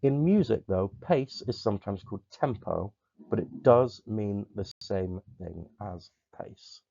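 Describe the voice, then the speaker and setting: A man teaches a recorded drama lesson, explaining each term plainly. His voice is lowish and mellow. The sound is dry and a little dull, like a lo-fi desk microphone. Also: animated, measured pace, no room sound. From Somerset, England. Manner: clear, explanatory, demonstrates vocal techniques. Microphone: close desk microphone.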